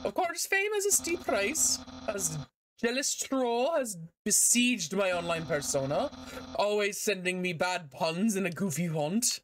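Woman doing a silly, proud game skeleton with a drifting Scottish lilt and lively swoops. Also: medium pitch, unhurried, a little hiss or hum, lightly acted. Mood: boastful. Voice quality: slipping Scottish-ish accent. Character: goofy boastful male skeleton, upbeat and silly.

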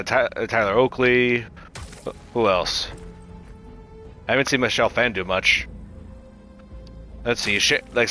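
A man's voice: medium pitch, pushed and bright. A man casually chatting with his viewers while livestreaming a video game, reacting as he plays. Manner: chatty, reacts to chat, frequent restarts. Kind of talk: casual gameplay livestream chat.

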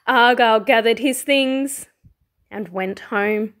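A woman who teaches primary school, reading a picture book aloud in a slow, expressive storytelling way. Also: on the high side.

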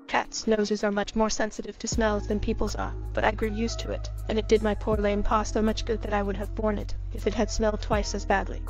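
A woman narrating a classic children's story in a steady, even reading. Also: medium pitch. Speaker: audiobook reader. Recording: slightly muffled with faint music.

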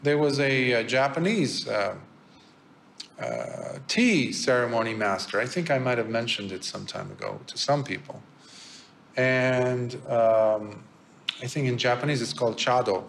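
A male Buddhist monk giving a dharma talk in a temple prayer hall, telling a story with pauses and fillers. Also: medium pitch, creaky, a bit bright, a little hiss or hum.

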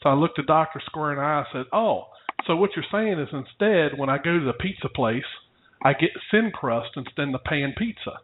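A man's voice: fairly high pitch, lively intonation, a little fast, a little hiss or hum. A man casually telling a rambling story to his co-host, often chuckling. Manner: rambling, chuckling anecdote teller. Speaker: podcast co-host. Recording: tinny phone-like audio.

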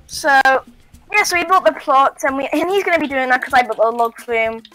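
A woman's voice: high-pitched, expressive, a little fast, pushed and bright, rough recording. A woman chatting casually while playing a building game, rambling, giggling and correcting herself as she goes. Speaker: gaming YouTuber. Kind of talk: casual gameplay chat. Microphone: webcam and headphones at a computer.

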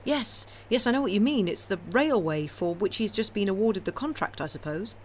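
A woman voicing a greedy, boastful young man who talks eagerly, his questions rising high. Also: expressive, normal speed, a little hiss or hum, lightly acted.

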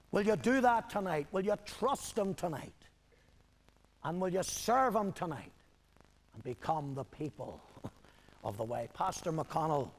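A man's voice: on the high side, vocal fry, breathy edge. An older man, preaching a sermon as pastor with emphatic, repeated rhetorical questions. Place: church hall. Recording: hall echo on old video tape.

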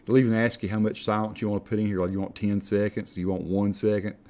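A man with a somewhat low voice walks viewers through an audio editor in a relaxed, conversational tutorial. He talks as he works, often restarting and repeating words while he hunts through the menus. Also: quick pace. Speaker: software instructor. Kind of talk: screen-recorded tutorial.

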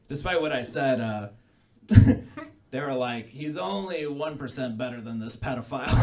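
A man doing a live stand-up set, deadpan with sudden loud bursts, telling dark jokes. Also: medium pitch, a little hiss or hum. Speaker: stand-up comedian. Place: small hall before a live audience. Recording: live room with loud crowd laughter. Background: crowd laughter.

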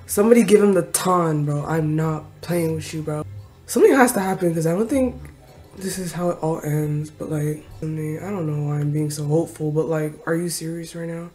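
A woman's voice: deep voice, a little fast, a little mellow, faint music behind. A young woman doing casual anime reaction commentary, exasperated and emphatic, full of slang, repeats and swearing.

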